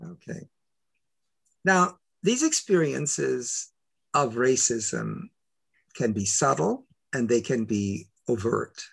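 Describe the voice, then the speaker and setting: An older man telling personal stories as an interview guest, emphatic and full of rhetorical questions, with a gravelly voice. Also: medium pitch, very animated, slow pace. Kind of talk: animated personal storytelling.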